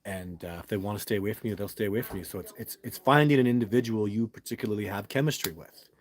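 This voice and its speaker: A man's voice: fairly low pitch, quick pace. A man hosting a casual livestream, rambling with restarts as he reads viewer comments and answers in an emphatic, certain way. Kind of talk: casual live chat.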